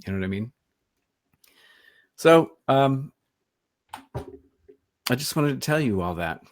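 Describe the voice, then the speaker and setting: This webinar presenter, a Michigan man, has a medium-pitched, slightly bright voice with no room sound. Speaking into a computer microphone in a casual online presentation, he chats along self-deprecatingly and drifts into rambling asides.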